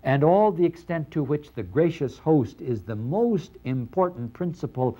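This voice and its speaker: An older man giving a lecture on scripture, animated and acting out the dialogue in dramatic voices. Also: fairly high pitch, a little slow, lo-fi sound. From Middle East. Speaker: lecturer on the New Testament. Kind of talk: university-style lecture.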